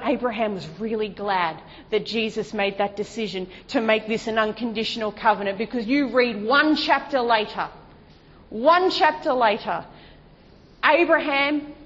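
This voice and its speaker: A woman preaches a sermon in a high voice, pressing her points with rhetorical questions and sinking into hushed, lower passages. The sound is dull and lo-fi, carrying a long reverb from a large hall. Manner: emphatic, rhetorical questions, shifts to hushed low delivery.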